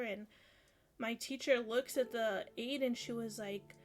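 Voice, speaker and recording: A woman's voice: fairly high pitch, fairly even intonation, faint music behind. A woman telling a personal story in a casual way, acting out the quotes as she goes. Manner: slow, unhurried storytelling with acted-out quotes. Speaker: streamer on an esports channel.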